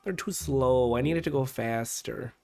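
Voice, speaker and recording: A man's voice: mid-range voice, moderate pace, vocal fry, darkish tone. A man streaming a video game, talking casually and campily to his chat with jokey asides. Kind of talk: casual gameplay commentary. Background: game music.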